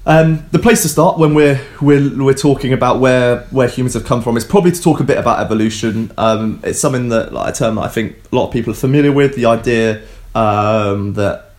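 A man's voice: mid-range voice, a little fast, hardly any pauses. A man co-hosting a casual science podcast, explaining things loosely with jokes and many ums. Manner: relaxed, joking, many ums and restarts.

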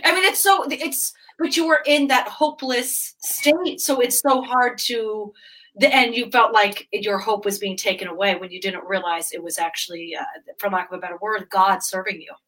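A woman's voice: medium pitch, fairly even intonation, normal speed, a bit bright, rough recording. A woman hosting a casual conversation, enthusiastic and affirming, swearing casually. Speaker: host.

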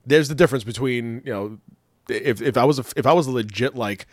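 A man co-hosting a casual chat show, rambling, excitable and laughing often. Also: medium pitch, brisk, dry recording, studio quality. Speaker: podcast co-host.

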